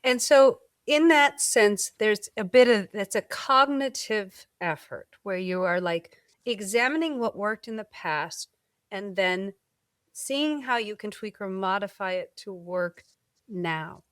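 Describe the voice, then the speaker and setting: A woman hosting a podcast interview, talking in an animated, expressive way with casual filler words. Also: medium pitch, takes it slowly, clear, resonant tone, no room sound, studio quality. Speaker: podcast host. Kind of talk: conversational interview.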